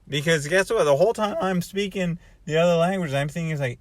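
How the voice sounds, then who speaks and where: A man's voice: on the high side, fast, few pauses, no echo. A man from North America giving a casual, rambling vlog monologue, thinking aloud and often restarting his sentences. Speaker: vlogger.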